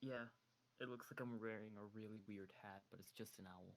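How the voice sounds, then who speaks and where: A man's voice: fairly low pitch, steady tone, a little fast, creaky. A young adult man playing in a casual online tabletop game, talking in a laid-back, offhand way. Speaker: player. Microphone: online voice call.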